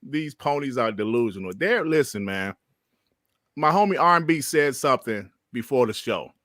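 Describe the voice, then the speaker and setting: A man's voice: mid-range voice, lively intonation, normal speed, a bit bright, dry recording, studio quality. Guy hosting a gaming podcast, slangy and laid back, laughs a lot, medium voice. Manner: slangy, laughs often, many fillers. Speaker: podcast host. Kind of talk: casual gaming podcast chat.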